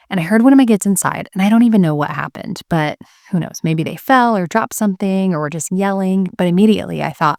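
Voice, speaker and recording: A woman's voice: medium pitch, expressive, fast talker, creaky, a little mellow, no room sound, studio quality. A young woman who teaches Christian homemaking, talking to camera as a candid, earnest storyteller about faith and motherhood. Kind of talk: faith-based talk to camera.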